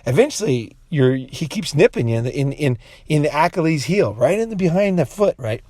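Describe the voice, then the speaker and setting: A man's voice: on the high side, very animated, brisk, darkish tone, no echo. A man in a casual, profane monologue who rambles, restarts often and puts on voices when he quotes people. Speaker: commentator.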